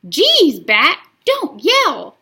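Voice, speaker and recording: A sulky older sister from a children's storybook, short and curt in her replies, as a woman reads her aloud. The voice is bright and a little gravelly. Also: fairly high pitch, moderate pace, heavily acted.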